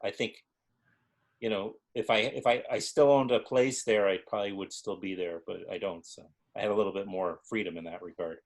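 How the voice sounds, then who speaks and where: Low-voiced middle-aged man musing casually. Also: a little fast. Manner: relaxed, musing, hesitant. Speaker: host. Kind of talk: casual interview chat.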